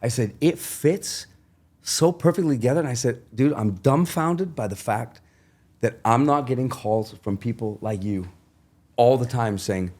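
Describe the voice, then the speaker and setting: A middle-aged man chatting on a podcast as the guest, telling stories with lots of swearing and quick acted-out voices. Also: medium pitch. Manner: animated storyteller, swears freely, acts out voices. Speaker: guest singer. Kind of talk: casual podcast chat.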